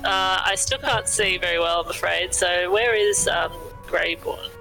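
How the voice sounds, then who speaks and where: A woman's voice: on the low side, steady tone, a little slow, creaky, bright, forceful tone, soft background music, rough recording. A woman playing a tabletop game, giggly and apologetic. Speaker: player.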